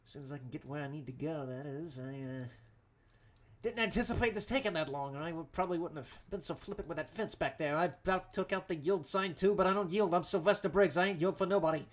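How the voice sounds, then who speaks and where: Over gameplay, a man with a fairly high, fast, everyday-sounding voice plays a boastful, swaggering tough-guy driver in a comedic role-play. His commentary rambles and is full of profanity.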